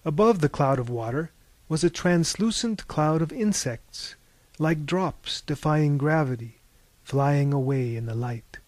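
A man reads a story aloud in a slow, deliberate, expressive manner. His voice sits a little high for a man. The recording is dry and close, with almost no room sound. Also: no echo. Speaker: narrator. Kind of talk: audiobook narration.

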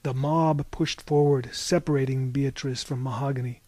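A man narrating a novel as an audiobook, with measured, expressive storytelling. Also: medium pitch, no room sound.

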